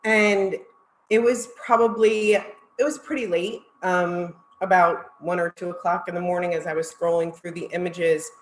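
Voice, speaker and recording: A woman's voice: lowish voice, steady tone, normal speed, echoey room, a little hiss or hum, low-quality recording. A woman presenting at a virtual conference, heartfelt and close to tears as she thanks her audience. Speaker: marketing executive presenter.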